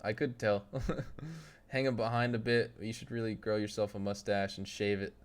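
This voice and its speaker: A man's voice: on the low side, fairly even intonation, normal speed, clear, resonant tone. Chatty young man streaming games. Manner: chatty, laughs often, banters with chat. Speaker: gaming streamer. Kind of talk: casual live-stream chat.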